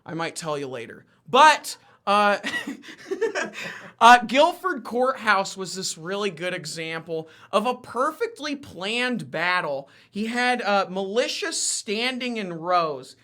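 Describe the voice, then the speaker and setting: Guest man, history buff, excitable rambler, bright edgy tone. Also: sits high, slow pace. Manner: excitable, rambling, with many fillers and apologies. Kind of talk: excited storytelling in casual chat.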